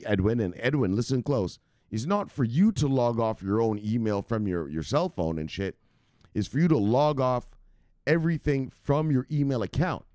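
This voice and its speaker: A man hosting a crypto news stream, talking casually with slang and loud shout-outs, explaining things step by step. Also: mid-range voice, lively intonation, normal speed, dry recording, clean studio sound. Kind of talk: casual livestream talk.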